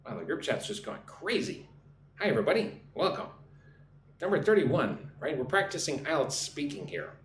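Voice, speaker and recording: A male English teacher runs a live-streamed speaking lesson, reading out viewers' chat messages, modelling exam answers, and leading pronunciation drills. His voice sits on the high side and is very animated at a moderate pace, with roomy echo and faint background noise.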